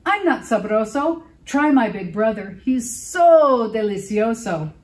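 Woman voicing a high insistent middle goat. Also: lively intonation, measured pace, a little mellow. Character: middle billy goat, brisk and clever. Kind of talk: picture-book read-aloud.

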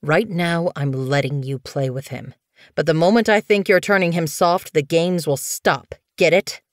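A woman's voice: sits low, moderate pace, no echo, close to an everyday voice. A harsh tom cat warrior, menacing and commanding, his words coming out as growls, as a woman reads him in an audiobook. The voice sits close and dry with no room around it. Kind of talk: audiobook character voice.

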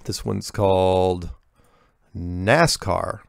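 A man's voice: low voice, fairly even intonation, extremely slow, creaky, dry recording, studio quality. A man hosting a show where he reads and answers viewer emails in a rambling, casual way, often restarting his sentences and making sarcastic asides. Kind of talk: casual monologue reading emails.

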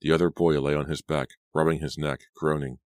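A man narrating an audiobook in a steady, measured reading style. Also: extremely low pitch, dry recording, studio quality. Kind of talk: scripted storybook narration.

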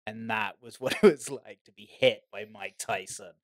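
A man's voice: fairly low pitch, normal speed, fairly bright tone, no room sound. A man from Britain co-hosting a podcast, telling stories in casual chat with many stammered restarts. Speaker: podcast co-host.

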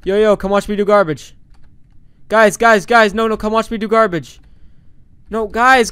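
Young male gaming YouTuber, high and smooth, dry close mic, goofy rambling commentary. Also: steady tone, normal speed, pauses often, dry recording. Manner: goofy, rambling, playful, sudden loud outbursts. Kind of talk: let's play commentary. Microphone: desk microphone.

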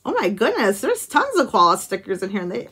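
A woman's voice: medium pitch, huge pitch swings, a little fast, a bit bright, slightly rough. A woman hosting a craft channel, chatting casually to camera as she opens handmade cards and stickers, gushing and exclaiming often with little chuckles. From United States. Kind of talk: casual unboxing chat to camera.

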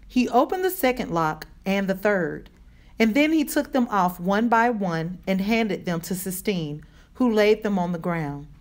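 A woman reading a children's novel aloud in measured narration. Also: medium pitch, animated. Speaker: audiobook reader.

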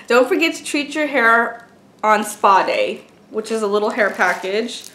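A woman with a fairly high voice gushes over each item she unboxes in a casual vlog. She exclaims often and chats freely to the camera. The room is echoey, with a faint hiss in the background. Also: lively intonation, measured pace, sharp tone. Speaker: beauty and craft vlogger.

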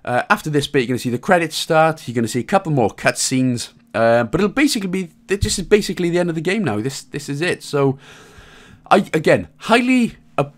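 Welsh male walkthrough host, higher-pitched voice, irreverent humor with mild cursing, patient and repetitive guidance. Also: lively intonation, a little fast. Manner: irreverent, joking, mild swearing; reassuring, repeats instructions. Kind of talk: casual commentary over gameplay.

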